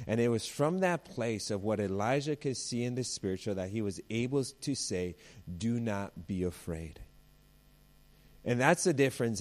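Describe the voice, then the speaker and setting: A man's voice: medium pitch, a little mellow. Conversational male pastor telling stories. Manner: conversational, mixes family anecdotes with scripture; acts out quoted voices. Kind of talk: sermon.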